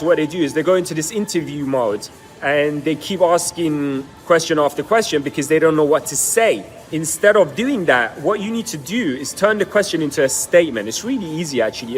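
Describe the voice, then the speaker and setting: A man coaching on dating, explaining approach mistakes and acting out sample pickup lines. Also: on the high side. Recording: long reverb with faint music.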